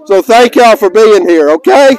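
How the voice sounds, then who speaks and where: High-voiced man addressing a crowd. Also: lively intonation, normal speed, a little mellow, poor audio. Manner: folksy and joking, raises his voice to carry. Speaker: tournament director addressing players. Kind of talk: outdoor announcement to a crowd. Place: outdoors in a park.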